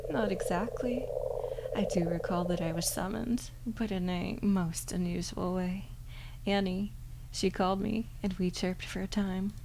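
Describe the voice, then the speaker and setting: A woman softly voicing a suave male crow demon with formal, old-fashioned manners, in a whispered role-play. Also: mid-range voice, fairly even intonation, a little slow, noisy background, natural voice. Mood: silky.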